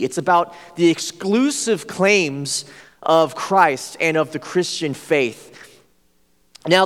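A man's voice: a little high, a bit bright. Earnest preacher man in a reverberant hall. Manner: earnest storytelling with many fillers. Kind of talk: sermon.

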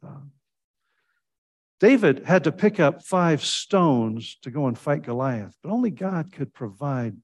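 A male preacher giving a conversational sermon, jumping high in pitch when acting out quotes and slipping in restarts and fillers. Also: a little slow. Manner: animated storytelling with sudden pitch jumps when quoting.

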